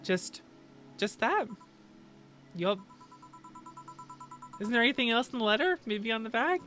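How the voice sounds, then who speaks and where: A woman's voice: fairly high pitch, big pitch swings, measured pace, pauses often, fairly bright tone, soft background music. A woman reading a visual novel's dialogue aloud on a stream, doing every part herself in a plain delivery.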